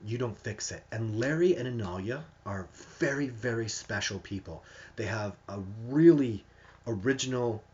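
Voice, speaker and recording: A man's voice: on the low side, breathy edge, highs cut off. A man hosting a live stream, answering viewer questions in a casual, emphatic way and often restarting his sentences. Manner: emphatic and animated, with frequent restarts.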